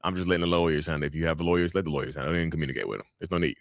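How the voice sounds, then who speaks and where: Deep-voiced man, blunt livestream chat. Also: rapid-fire, no room sound, clean studio sound. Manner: blunt and emphatic, repeats phrases for effect. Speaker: online commentator reading viewer comments.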